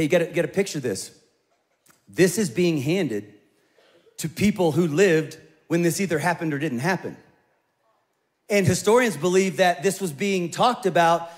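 A middle-aged man who is the pastor, preaching a sermon in a conversational, animated storytelling way with playful asides. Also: high-pitched.

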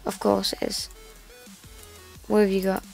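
A woman's voice: medium pitch, completely flat delivery, measured pace, gravelly. A woman giving casual, playful gameplay commentary, chatty and self-mocking as she plays. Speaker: gamer. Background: faint background music.

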